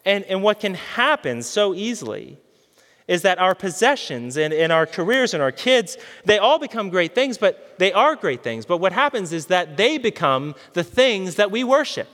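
A man's voice: high voice, sing-song, normal speed, fairly bright tone, long reverb tail. A man preaching a sermon as a pastor, talking conversationally and asking his listeners questions. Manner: conversational, asks the audience questions.

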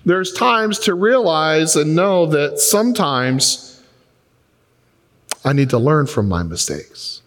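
A man preaching a sermon as a pastor, telling stories and acting out both sides of conversations in quick changes of voice. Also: a little high, big pitch swings, a bit bright. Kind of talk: sermon with acted-out dialogue. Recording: long reverb of a large hall.

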